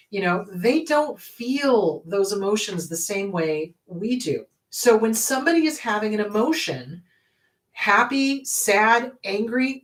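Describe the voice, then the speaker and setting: A woman therapist hosting her show, answering a viewer's question in an emphatic way and acting out what parents say. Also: mid-range voice. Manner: animated and emphatic, acts out quoted parents.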